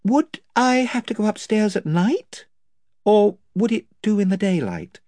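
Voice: medium pitch, animated, unhurried, warm tone, no echo, voice pushed up, close to an everyday voice. A reader voicing a brave, earnest young girl. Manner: earnest, determined.

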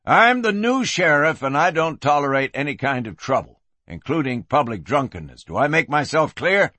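A man's voice: a little high, very animated, normal speed, pushed and bright, no room sound, full character voice. A man voicing a stern, hard-edged frontier sheriff who gives clipped commands.

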